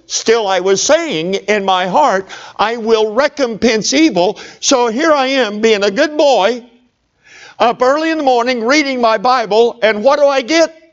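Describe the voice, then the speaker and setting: A man's voice: very high voice, normal speed, muffled recording. A middle-aged male pastor telling a humorous personal story in a sermon, talking straight to his congregation. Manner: folksy, humorous, talks to the congregation.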